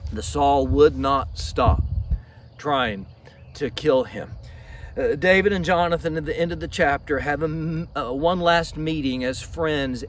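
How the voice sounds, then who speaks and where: A man, a pastor telling a Bible story in a lively way outdoors in a field. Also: mid-range voice, distant mic, a little hiss or hum. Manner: lively storytelling with repeated restarts.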